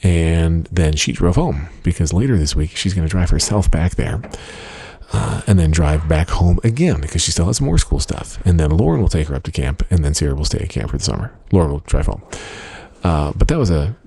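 A middle-aged man with a very low, gravelly voice rambles through a casual podcast diary from his home office. His tone is dark and a little husky, and he stays wry and self-mocking throughout, leaning on uh fillers as he goes. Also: expressive, a little fast, dry recording. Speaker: podcast host.

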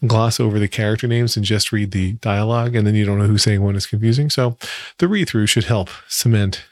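A man's voice: lowish voice, no room sound. A man giving a casual personal update, chatty and wry, laughing now and then. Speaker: vlogger.

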